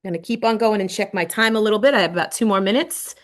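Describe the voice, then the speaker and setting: A middle-aged woman presenting a teacher webinar, animated, with dramatic whispered asides. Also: mid-range voice, rapid-fire.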